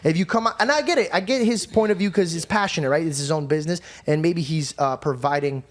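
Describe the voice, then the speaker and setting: A man's voice: a little high, quick pace. A man hosting a casual podcast conversation, telling stories animatedly and laughing as he talks. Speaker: podcast host.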